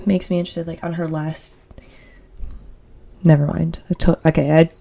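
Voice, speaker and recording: A woman's voice: low-pitched, level tone, normal speed, vocal fry, warm tone. A young woman co-hosting a podcast, chatting casually and meandering with many fillers. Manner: heavy use of "like", meandering. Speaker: podcast co-host.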